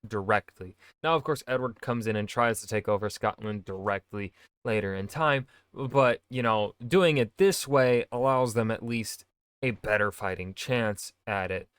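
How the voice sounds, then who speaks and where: A man's voice: medium pitch, fairly bright tone, clear, resonant tone, no echo, studio quality. A man casually reacting to a history video, thinking aloud with jokes and fillers.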